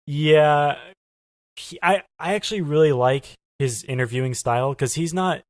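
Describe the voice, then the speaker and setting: A man guest in a casual interview, talking softly with many fillers and pauses. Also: fairly high pitch, no echo. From lives in Los Angeles. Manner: soft-spoken, lots of fillers and hesitations. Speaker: podcast guest.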